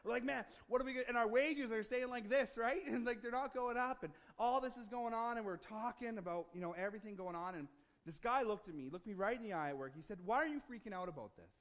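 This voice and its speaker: A man with a high voice preaching a sermon in church. He talks casually and jokes with the congregation, then builds into emphatic, rising declarations. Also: quick pace, a bit bright. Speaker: pastor.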